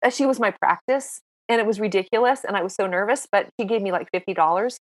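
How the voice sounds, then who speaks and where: Woman, 60s, podcast guest, animated self-mocking storyteller, mid-pitched, dry sound. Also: fast talker, no echo. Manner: lively, self-mocking storyteller who acts out dialogue. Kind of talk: casual interview storytelling.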